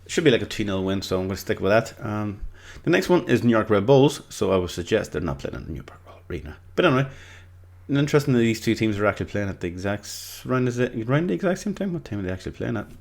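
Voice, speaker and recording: A man's voice: fairly low pitch, very animated, fast talker, vocal fry, darkish tone. An Irish man talking through football predictions in a casual, rambling way, full of fillers and false starts. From Ireland. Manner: rambling and hesitant, with many fillers and restarts. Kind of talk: casual solo commentary.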